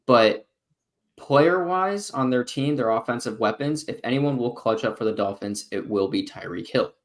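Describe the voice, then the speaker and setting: A man's voice: medium pitch, lively intonation, moderate pace. A young man co-hosting a casual sports podcast, telling a story and acting out what he said with lots of filler words. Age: young adult. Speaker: podcast co-host.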